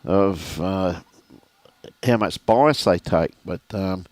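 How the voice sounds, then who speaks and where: An older Australian man doing relaxed, chatty live commentary on a lawn bowls match, greeting viewers by name. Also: low voice, slow, no echo. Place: outdoor bowls club.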